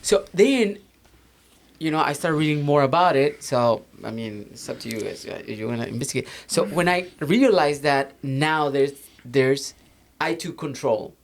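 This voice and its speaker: A man's voice: fairly high pitch, normal speed. A man with a Mexican accent talks loosely on a podcast. He rambles, circles back and restarts his sentences, padding them with fillers. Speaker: podcast co-host. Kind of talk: casual chat.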